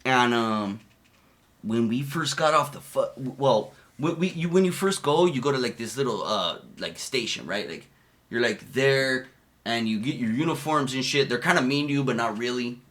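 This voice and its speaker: A man's voice: mid-range voice, animated, normal speed, fairly bright tone. A man streaming casual, rambling commentary over a video, profane and loose, often laughing as he tells a story.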